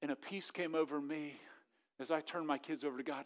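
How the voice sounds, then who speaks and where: A man in his thirties preaches a sermon with a notably high-pitched voice. He moves between loud, animated storytelling and hushed, earnest appeals to his congregation. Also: a little fast. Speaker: pastor.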